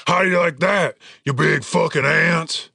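A man's voice: on the high side, unhurried, gravelly, bright, forceful tone, husky, no room sound, clean studio sound, pitched above the performer's own voice, exaggerated voice. A man voicing a crude, brash tusked half-orc warrior in an audiobook, blunt and profane. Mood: crowing. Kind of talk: audiobook character voice.

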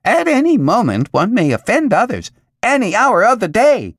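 Pushy squeaky talking advertisement, a man doing the voice in an audiobook, shrill and high, dry close recording. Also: wildly swooping pitch, normal speed, fairly bright tone, no room sound, exaggerated voice. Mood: shrill, preachy. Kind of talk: audiobook reading.

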